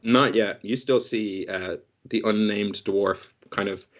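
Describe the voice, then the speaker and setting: A man's voice: fairly low pitch, fairly even intonation, takes it slowly. A man narrating a tabletop game as game master, rambling and laughing often.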